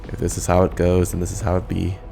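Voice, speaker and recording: Deep, monotone man, casual game commentary, reads the text aloud. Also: fast talker, creaky, music in the background. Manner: relaxed, reads dialogue and narration aloud. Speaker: gamer.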